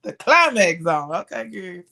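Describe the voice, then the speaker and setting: A woman co-hosting a podcast in casual chat, talking boldly and loudly and cracking jokes. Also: medium pitch, very animated, a little slow, gravelly. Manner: bold, loud, joking. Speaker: podcast co-host.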